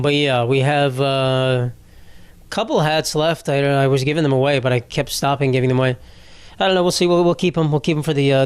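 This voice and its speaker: A man's voice: mid-range voice, clean tone, dry recording. A young man hosting a casual solo podcast, rambling and profane, laughing as he reads posts aloud. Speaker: podcast host.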